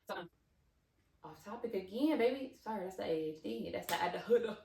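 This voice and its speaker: A woman in her twenties telling a casual storytime on her channel, animated and digressive, with lots of fillers and asides. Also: medium pitch, fairly quick, creaky, noisy background. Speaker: vlogger. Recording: roomy, slightly distant mic.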